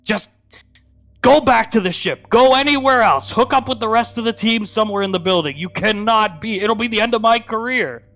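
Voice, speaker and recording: A man voicing a gruff, hot-tempered armored male soldier who keeps shouting in exasperation. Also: high-pitched, normal speed, pitched above the performer's own voice. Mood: angry.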